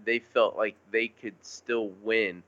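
A man's voice: on the low side, steady tone, fairly bright tone, no room sound, muffled recording. A man in a casual podcast chat, cursing freely and restarting sentences. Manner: swears freely, halting with restarts. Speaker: podcast co-host.

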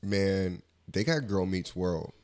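A man and father co-hosting a casual podcast, talking in a relaxed, keen way about the shows he watches. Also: deep voice, slow pace. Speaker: podcast co-host. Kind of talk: casual group chat.

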